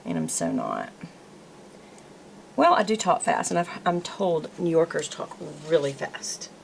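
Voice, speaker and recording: A woman's voice: low-pitched, huge pitch swings, measured pace, creaky, a little hiss or hum, poor audio. A woman with a Southern US accent chatting casually as she works on a planner, talking to herself along the way. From American South. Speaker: planner vlogger. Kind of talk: casual chat while crafting.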